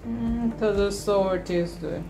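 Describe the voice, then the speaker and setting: A woman's voice: medium pitch, moderate pace, mellow, faint music behind, poor audio. A woman chatting casually with her husband, giving blunt, dry comebacks. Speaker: host's wife. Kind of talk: casual chat.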